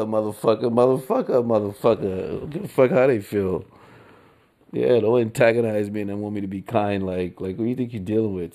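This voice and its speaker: Male solo podcaster, dark gravelly voice, slangy and profane. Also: on the low side. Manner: slangy, profane, laughs between lines. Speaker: podcast host. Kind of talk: casual solo podcast talk.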